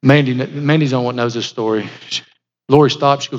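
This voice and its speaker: A man's voice: medium pitch, fairly even intonation, quick pace. Folksy man preaching in a hall. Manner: folksy, repeats words, acts out family dialogue. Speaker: pastor. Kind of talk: sermon storytelling. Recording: muffled sound in a large reverberant hall.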